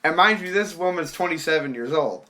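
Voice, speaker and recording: Young man, bright edgy voice, animated storyteller who acts out quotes and swears casually. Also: a little high, brisk.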